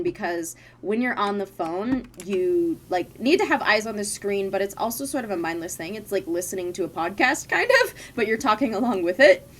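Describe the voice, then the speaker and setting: As she plays on stream, a young woman in her adult years rambles chattily about jobs she used to have, breaking into laughter often. Her voice is mid-range, and there's slight background noise.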